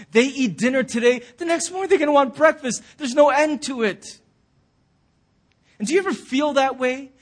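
In a church sanctuary, a male pastor with a very high-pitched voice delivers a sermon. He tells the story with animation, acting out the people he quotes.

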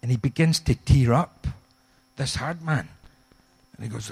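Pastor telling a humorous story. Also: male voice, mid-range voice, measured pace, vocal fry, long pauses, breathy edge. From Scotland. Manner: humorous, animated storytelling with acted-out quotes. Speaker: guest pastor. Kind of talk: storytelling sermon.

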